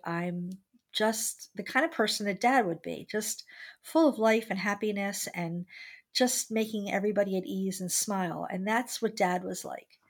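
A middle-aged woman being interviewed, speaking candidly and reflectively about her own life. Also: medium pitch. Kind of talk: personal storytelling in an interview.

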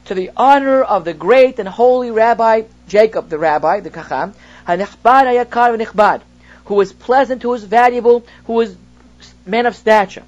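In a text study class, a male rabbi speaks at normal speed with a high, slightly mellow voice and lively intonation. He poses rhetorical questions, explains through examples, and reads Hebrew then translates it, captured in a muffled lo-fi recording.

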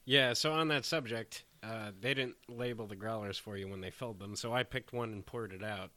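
A man with a stuffy, congested voice co-hosts a casual beer podcast. His tone is bright and forceful, and he gives plain, matter-of-fact opinions. The recording is dry and close. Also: lowish voice, brisk, dry recording. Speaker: podcast co-host. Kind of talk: casual chat.

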